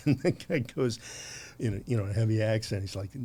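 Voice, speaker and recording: A man's voice: lowish voice, brisk, warm tone. Laughing, rambling man in his sixties. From United States. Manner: rambling storyteller, frequent laughs and restarts. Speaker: podcast guest, photographer. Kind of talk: conversational anecdote.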